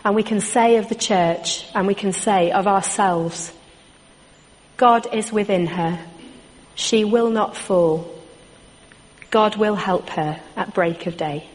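A woman preaches slowly in a church, her words unhurried and deliberate. She builds her points with a steady, repetitive cadence, and a long reverb trails her voice through the hall. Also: medium pitch. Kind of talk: sermon.

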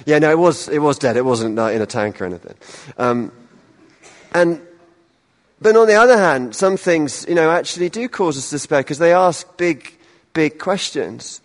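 A man's voice: a little high, expressive, moderate pace, in a large hall. Conversational male minister preaching. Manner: self-deprecating humor, conversational asides. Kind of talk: sermon. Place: church.

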